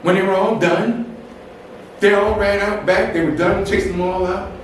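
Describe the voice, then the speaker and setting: A man's voice: sits high, normal speed. A man telling a funny personal story to an audience, acting out the people in it with laughter. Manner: animated, acts out the people in his story with laughs. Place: storytelling event room. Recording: echoey room, voice from far off, ambient noise.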